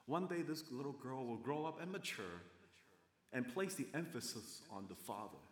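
A man's voice: medium pitch, animated, normal speed, reverberant. A man preaching a sermon as a pastor, earnest and building emphasis, with occasional self-corrections.

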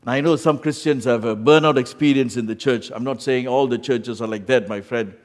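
Man preaching in a reverberant hall. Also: a little fast. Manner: swings from raised, emphatic lines to low, quiet asides; repeats "you know" and "my friend" often. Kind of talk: sermon.

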